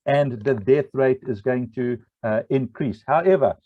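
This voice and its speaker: A man teaching a Bible study in an unhurried way, with many fillers and rhetorical questions. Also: medium pitch. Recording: dry, phone-like narrow sound.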